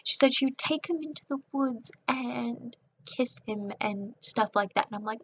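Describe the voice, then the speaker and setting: A woman's voice: on the high side, fairly even intonation, normal speed, hardly any pauses, lo-fi sound, slight background noise. A young woman casually telling a rambling storytime, sarcastic, often acting out quotes in a raised voice. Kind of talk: casual storytime over a speedpaint.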